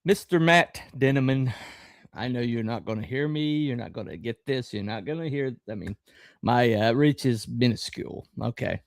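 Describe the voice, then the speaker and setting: A man's voice: mid-range voice, expressive, creaky, no room sound. Middle-aged guy rambling on his stream, lots of uhs, dry close sound. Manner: rambling, halting, with frequent fillers and restarts; wry and sarcastic. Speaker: podcast host. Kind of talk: casual live-stream commentary.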